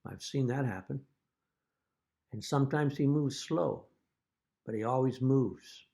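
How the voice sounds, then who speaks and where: Earnest man, mid-pitched, deliberate. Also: gravelly, dark tone. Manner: slips into a wry joke-telling aside. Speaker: father speaking to his children. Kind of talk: direct-to-camera video message.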